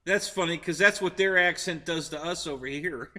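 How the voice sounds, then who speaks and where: A man's voice: on the high side, normal speed, sharp tone. A man hosting a casual live-stream chat from a heated tent, laughing often and chuckling between his remarks. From United States. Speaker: host.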